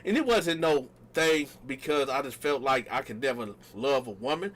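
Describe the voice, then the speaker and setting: A man telling a story casually to his viewers, talking straight to them and acting out the quoted lines loudly. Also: medium pitch, animated, moderate pace. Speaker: storytelling vlogger.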